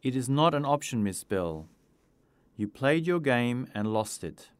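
A man's voice: medium pitch, sing-song, a little slow, clean tone, no room sound. A man voicing a persistent male detective who questions firmly. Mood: stern. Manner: pressing, firm questioning.

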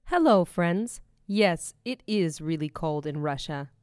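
A woman's voice: sits low, lively intonation, slow, a little mellow, clean tone, no room sound, clean studio sound. A woman voicing friendly girls from Arabia, Italy and Russia, explaining simply in a scripted language-lesson dialogue.

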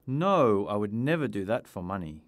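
A man's voice: fairly low pitch, sing-song, moderate pace, no room sound. A man voicing a bitter, lonely woman kidnapper who bursts out in anger during questioning. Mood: defensive. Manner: bursts out angrily, pleading.

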